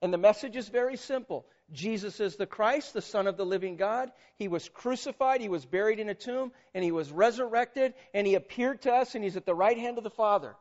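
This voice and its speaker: A male pastor preaches in an animated, conversational style, quizzing his listeners with questions. His voice sits fairly high for a man, he talks fairly quickly with hardly any pauses, and the recording sounds dull and lo-fi.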